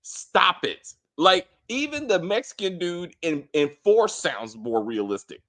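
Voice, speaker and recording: A man's voice: high-pitched, very animated, unhurried, fairly bright tone. A man co-hosting a casual TV spoiler review, ranting emphatically with plenty of profanity. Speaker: co-host of a TV review show.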